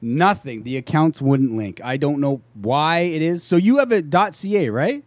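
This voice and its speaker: A man with a slightly high voice speaks into a dry, close microphone. He tells a frustrated story in casual chat, swears freely and jumps into voices for the other people in it. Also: normal speed, dry recording. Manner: animated, swearing, acts out quoted voices.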